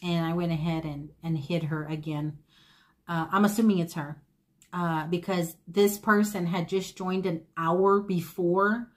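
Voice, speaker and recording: A woman's voice: fairly low pitch, normal speed. A woman vlogging a thrift haul, telling stories to her viewers in an effusive, rambling way full of tangents. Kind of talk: casual chatty haul vlog.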